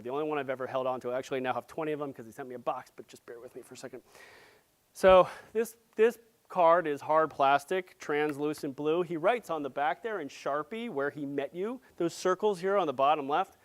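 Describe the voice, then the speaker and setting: A man giving a live conference presentation, playful and jokey, with quick asides to the audience. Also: fairly high pitch. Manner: grows loud and excited as he goes. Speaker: conference speaker.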